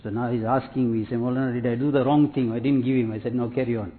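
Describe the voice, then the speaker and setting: A man giving a sermon in a measured, repetitive preaching cadence, telling anecdotes. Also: medium pitch, fairly even intonation. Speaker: Islamic preacher. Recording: tinny phone-like audio.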